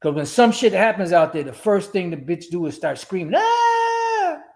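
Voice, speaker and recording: Brief: man streaming a profane, rambling religious rant, fairly high-pitched voice. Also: expressive, brisk, darkish tone. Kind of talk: ranting religious commentary.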